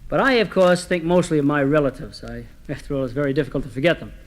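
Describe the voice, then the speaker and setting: A man telling comic stories, delivering one-liners with a deadpan manner. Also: on the high side, fast talker. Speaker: comedian. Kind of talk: comic storytelling.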